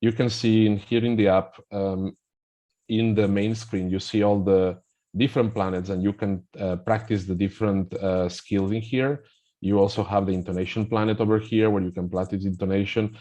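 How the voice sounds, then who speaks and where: Low-voiced guy with a spanish accent, mellow tone, explaining an app in a webinar, halting with lots of restarts. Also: fairly even intonation. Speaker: guest presenting a pronunciation app.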